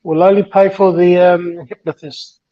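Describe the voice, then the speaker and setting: A man's voice: high-pitched, little pitch movement, moderate pace. A man joking along in a casual stream chat, making teasing asides. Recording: dull lo-fi audio.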